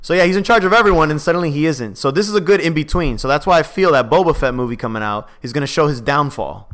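Man, fast talker, somewhat high pitch, profane, casual podcast chatter. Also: fairly bright tone. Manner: fast, profane, mimics others in silly voices. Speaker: podcast co-host. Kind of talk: casual chat.

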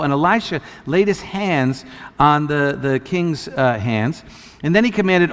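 Pastor preaching with long hall reverb. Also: male voice, a little high, expressive, moderate pace. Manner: conversational, many restarts, rises to loud emphatic peaks. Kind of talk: sermon.

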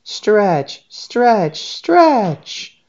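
A man voicing a brave, upbeat boy animal rescuer in a storybook, calling out with excitement. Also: fairly low pitch, a little slow, lo-fi sound, voice pushed up. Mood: excited. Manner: excited, calls out loudly.

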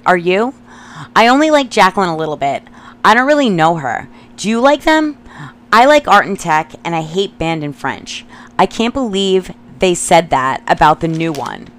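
A woman in her thirties from Long Island, a podcast host reading old notes aloud and adding profane, giggly asides. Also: on the low side. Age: 30s.

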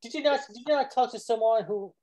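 A man's voice: very high-pitched, quick pace, warm tone. A man hosting a casual podcast. He tells stories in a rambling way and often restarts his sentences. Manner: rambling storyteller, trips over his words. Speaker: podcast host.

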